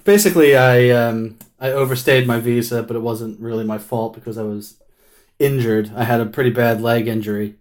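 A man's voice: mid-range voice, fairly even intonation, normal speed, a little mellow. A man telling a long, wry story in casual chat, with plenty of filler words and restarts. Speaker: musician guest.

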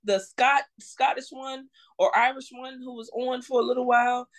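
A woman's voice: sits high, fairly even intonation, moderate pace. A woman co-hosting a podcast in casual chat, ranting bluntly and with exasperation, swearing often. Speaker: podcast co-host.

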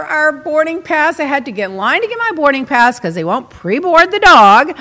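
A middle-aged woman hosting, telling a casual story in an animated, dramatic way with lots of exclamations. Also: high voice, a little fast. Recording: long reverb.

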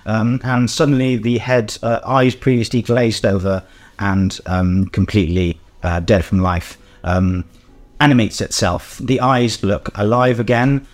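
A man running a tabletop game as game master, narrating casually and haltingly with lots of ums. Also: lowish voice, steady tone. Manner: halting, full of ums and uhs.

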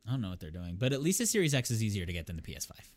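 A man co-hosting a casual podcast chat, eagerly retelling a video game and acting out its characters in quick voices. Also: fairly low pitch, sing-song. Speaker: podcast co-host.

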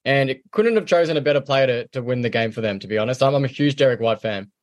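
A man's voice: medium pitch, fast talker, no room sound. Guy on a sports podcast, dead dry sound, says um a lot. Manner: earnest, with many ums. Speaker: podcast panelist. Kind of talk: casual sports podcast chat.

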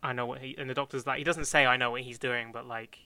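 Male podcast co-host, bright and forceful tone, loose joking delivery. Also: mid-range voice, fairly even intonation, fast talker. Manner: loose and joking, many fillers. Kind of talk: casual chat, brainstorming a story.

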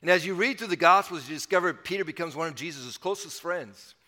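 A male pastor with a high, bright voice delivers a conversational sermon, climbing up on key points and sinking low to close each thought. The sound trails off in a long hall reverb. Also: quick pace. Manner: conversational preaching, rising with emphasis then dropping low.

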